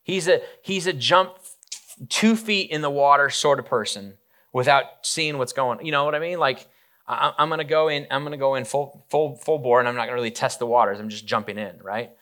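Male pastor, bright, forceful voice, casual storytelling sermon. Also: mid-range voice, fairly quick. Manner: casual, animated, many fillers and asides.

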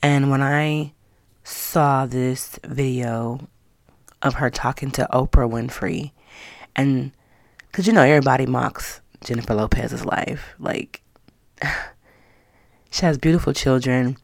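A woman hosting her own podcast, talking casually and earnestly to encourage her listeners, with drawn-out emphasis. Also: extremely low pitch, gravelly, no echo. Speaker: podcast host. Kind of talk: casual motivational talk.

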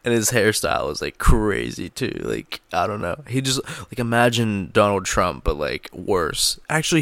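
A man's voice: lowish voice, vocal fry, no echo. A man vlogging into a close mic, rambling in casual, profane commentary full of fillers. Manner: profane, filler-heavy, laughs at own jokes. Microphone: close microphone.

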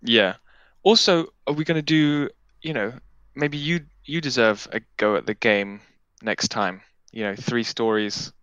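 A man's voice: mid-range voice, measured pace, hardly any pauses, a bit bright, clear, resonant tone, no room sound, lo-fi sound. A man co-hosting a casual podcast, trading playful, joking banter. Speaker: podcast co-host. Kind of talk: casual chat.

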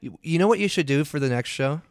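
A man's voice: fairly high pitch, animated, fast talker, dry recording, clean studio sound. A man co-hosting a podcast in casual chat, playful and teasing. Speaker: podcast co-host.

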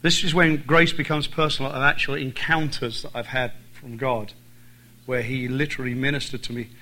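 A visiting preacher with an Irish accent delivers a sermon in a mid-range, bright, forceful voice at a moderate pace and steady tone. He hammers his points home emphatically by repeating phrases, and the recording is rough.

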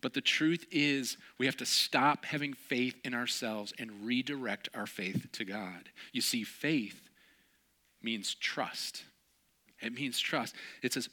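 A man delivering a sermon in a relaxed, conversational way, with a bright, forward voice. He moves from teaching into personal stories, acting out the people in them and laughing along. His tone stays at an everyday speaking level. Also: mid-range voice, takes it slowly. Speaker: pastor.

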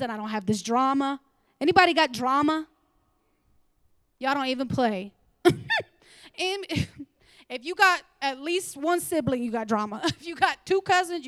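Lady preacher, high voice, dry close sound, gets loud then whispery, laughs a lot. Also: no room sound. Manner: animated, laughing, dropping to whispers. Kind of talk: sermon. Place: church.

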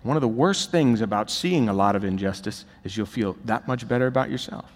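A man's voice: fairly low pitch, brisk. A man preaching a sermon as pastor, emphatic and building to urgent, rising peaks. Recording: long reverb of a large hall.

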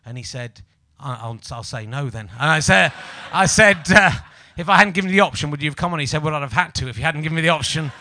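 A male comedy podcast host speaks with a high, brilliantly bright voice captured close and dry. He rants with sarcastic mock outrage to a live audience. The tone stays quick-witted and playful. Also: expressive, no echo. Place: live show venue before an audience.

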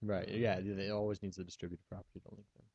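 Low mellow guy correcting math defs carefully, dry muffled sound. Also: level tone, fast talker, no room sound. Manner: precise, corrects definitions. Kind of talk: casual chat.

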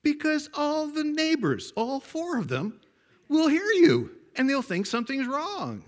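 An older preacher voicing his worried mother scolding her little boy, in a high exclaiming falsetto. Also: huge pitch swings, measured pace, exaggerated voice.

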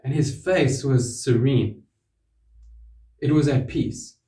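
A man preaching a sermon to a church congregation, earnest, dropping to a hush on key words. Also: medium pitch, takes it slowly. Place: church hall. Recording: roomy, from a distance.

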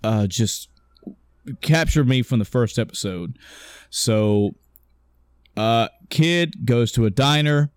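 A man's voice: medium pitch, animated, slow pace, pauses often, clean tone, dry recording, clean studio sound. A man co-hosting a casual podcast chat, rambling and correcting himself as he retells a story, swearing offhand and acting out the characters' lines. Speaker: podcast co-host.

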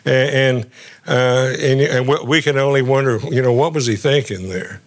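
A middle-aged man, a guest pastor, preaches a sermon conversationally at normal speed in a mid-range voice. He often stumbles and repeats his words as he goes.

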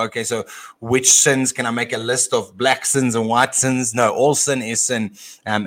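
A man co-hosting a casual talk show and teaching from scripture, often pausing and repeating words as he thinks aloud. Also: on the low side, fairly bright tone. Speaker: podcast co-host and Bible teacher; father.

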